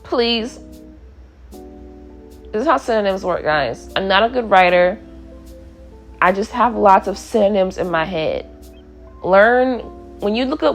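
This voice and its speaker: A woman's voice: medium pitch, creaky. A woman in her twenties hosting a solo podcast, chatty and playful, riffing and laughing as she talks. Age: 20s. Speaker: podcast host. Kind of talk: casual solo podcast chat.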